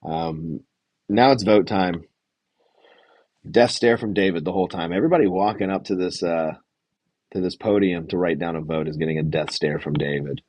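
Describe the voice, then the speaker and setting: A young podcast host with a fairly low, darkish voice rambles through a loose recap of a reality show, full of fillers and swearing, reading live chat comments along the way. His intonation stays fairly even and his pace moderate, and the recording is dry with no room sound.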